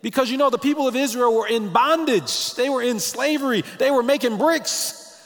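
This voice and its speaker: Pastor guy preaching w a high gravelly morning voice, big echoey hall. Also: normal speed. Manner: animated preaching, breaks into snatches of song. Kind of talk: sermon.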